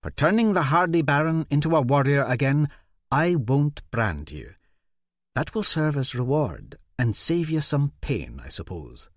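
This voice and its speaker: A man voicing a cruel, scornful woman torturer who taunts and yells threats. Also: a little high, sing-song, a little slow, no echo, clean studio sound, voice pushed up. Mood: mocking. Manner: taunting, then shrieking threats.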